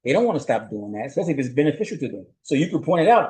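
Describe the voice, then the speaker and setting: A man's voice: medium pitch, sing-song, very fast, darkish tone, low-quality recording. A male host and journalist giving a solo commentary recap. He speaks conversationally and rhetorically, keeps asking "right?", and chuckles often.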